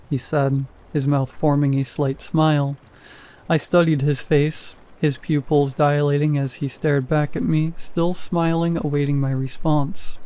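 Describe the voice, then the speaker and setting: A man reading a first-person horror story in a measured, even storytelling manner. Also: on the high side. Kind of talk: scripted horror narration.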